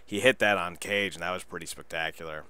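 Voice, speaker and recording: A man hosting a wrestling podcast, talking through a casual solo review in a rambling, excitable way and swearing freely. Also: sits low, fairly quick, clear, resonant tone.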